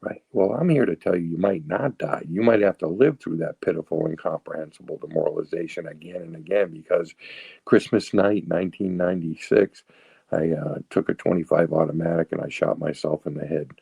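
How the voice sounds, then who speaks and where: A recovery speaker from New England, a man in his sixties, shares his recovery story in a very low, gravelly voice, halting and restarting with wry, self-mocking humor. His dark, husky tone is recorded close, dry and rough, with no echo.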